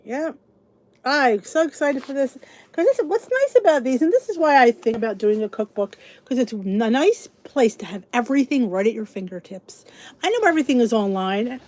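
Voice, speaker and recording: A middle-aged woman hosts a casual livestream from her desk, talking to viewers and greeting them by name. Her voice sits a bit high and swings up and down with lots of life. She chats freely and laughs often. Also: animated, normal speed, a little mellow. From United States. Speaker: host.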